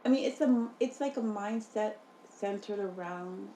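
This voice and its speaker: A woman's voice: mid-range voice, moderate pace, dark tone, a little hiss or hum. A woman talking in a conversational podcast interview, thoughtful and often restarting as she searches for the right words. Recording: roomy echo with faint ambience.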